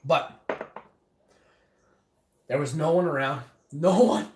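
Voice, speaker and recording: A man's voice: a little high, slow, darkish tone. Rambling man telling a story. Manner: rambling, full of fillers and swearing. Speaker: vlogger. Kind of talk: casual storytelling. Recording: roomy echo.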